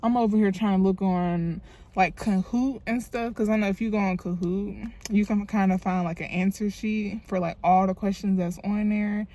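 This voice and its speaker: Doing her makeup in front of a phone camera, a young adult woman tells a storytime with a warm, medium-pitched voice, fairly even intonation, and a moderate pace. The vlog is casual, chatty, and full of swearing.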